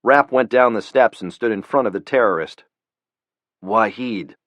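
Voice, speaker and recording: A man narrating a thriller audiobook in a steady, even way. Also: mid-range voice, a little fast, dry recording. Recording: dull lo-fi, dry.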